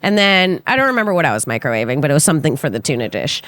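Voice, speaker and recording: A young woman on a podcast, casually telling a story in an animated way and acting out the quotes with big jumps in pitch. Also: rapid-fire, no room sound. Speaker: podcast guest, comedian.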